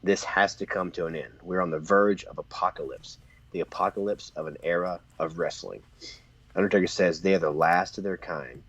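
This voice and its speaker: A man co-hosting a podcast, chatting casually and retelling scenes with animated quotes. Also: sits low. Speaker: podcast co-host. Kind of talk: casual chat recapping wrestling. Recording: dull lo-fi recording.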